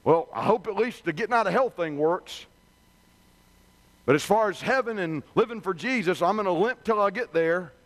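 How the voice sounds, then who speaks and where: High-pitched male revival preacher, folksy and humorous, conversational sermon delivery. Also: expressive, normal speed.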